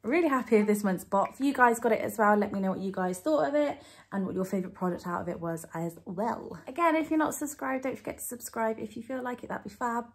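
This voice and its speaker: A woman's voice: fairly high pitch, quick pace. A young woman chatting casually as she reviews beauty products, gushing and full of "like" and "um". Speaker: beauty vlogger.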